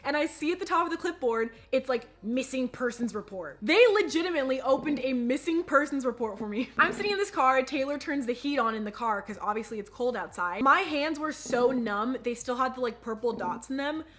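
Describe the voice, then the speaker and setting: A young woman with a high, bright voice tells a story to her camera. She is chatty and animated and keeps turning to her viewers. It sounds like a casual vlog. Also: a little fast, hardly any pauses. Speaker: vlogger.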